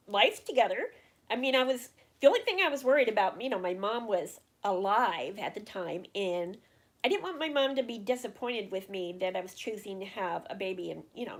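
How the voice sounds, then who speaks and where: A middle-aged woman, chatting on a casual livestream and answering viewers' questions. She rambles with many fillers and restarts and talks openly about her feelings. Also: mid-range voice. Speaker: livestream host.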